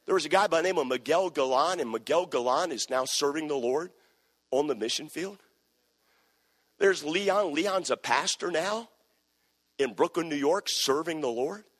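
A male pastor preaching a sermon, swinging from soft confiding talk to loud shouted preaching. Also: a little high, lively intonation, moderate pace. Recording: live church sermon in a reverberant hall.

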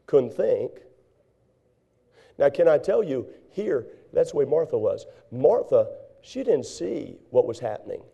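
Gravelly, dark-voiced man preaching a folksy sermon. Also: medium pitch, a little slow, dull audio. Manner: folksy, animated preaching with acted-out frantic voices. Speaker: pastor.

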